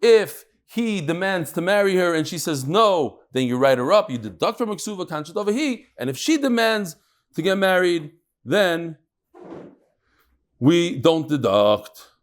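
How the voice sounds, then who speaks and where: A middle-aged man hosting and teaching a lively, joking Talmud class to a live group, mixing English with Hebrew and Aramaic terms. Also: high voice, a little slow. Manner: animated, jokey, switching between English and Hebrew-Aramaic terms.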